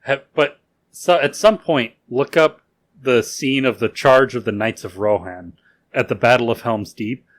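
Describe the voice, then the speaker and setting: A man's voice: medium pitch, measured pace. Guy co-hosting a chill podcast, rambly storyteller, swears a lot, lots of "like". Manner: rambling storyteller, many "like" fillers, swears freely. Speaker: podcast co-host telling history. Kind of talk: casual drinking-game podcast chat.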